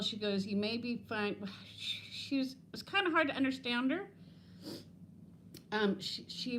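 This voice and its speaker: A woman in her fifties chats on a casual livestream from home, rambling from one thing to the next and laughing often. She greets viewers by name. Her phone picks her up, with a faint hiss behind her voice. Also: a little high. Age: 50s. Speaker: livestream host.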